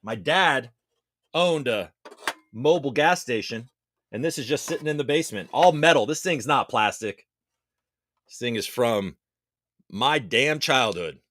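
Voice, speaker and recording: Male streamer host, loose and chatty, bright tense tone, dry mic. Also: mid-range voice, expressive, measured pace, pauses often, no echo. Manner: loose, chatty and swearing, with laughs and shout-outs. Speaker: livestream host. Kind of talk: casual livestream chat, reading out viewer comments. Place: home basement.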